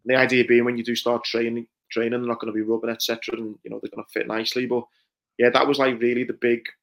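Flat-voiced man recounting Marine training. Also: mid-range voice. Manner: earnest, reflective, many fillers like "you know". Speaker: guest, former Royal Marine. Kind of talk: conversational interview storytelling.

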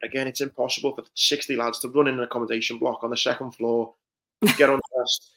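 A man's voice: mid-range voice, little pitch movement, fast, background noise. A man, a former Marine recalling his training in an earnest, reflective interview. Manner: earnest, reflective, many fillers like "you know". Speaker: guest, former Royal Marine. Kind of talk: conversational interview storytelling.

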